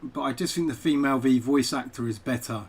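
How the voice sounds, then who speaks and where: A man at his home computer chatting loosely to a live-stream audience, mid-pitched and conversational. He wanders from topic to topic in an easygoing, rambling way, speaking into a desk microphone. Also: fairly quick, darkish tone, breathy edge. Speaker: poet and game streamer. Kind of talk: casual live-stream chat over gameplay.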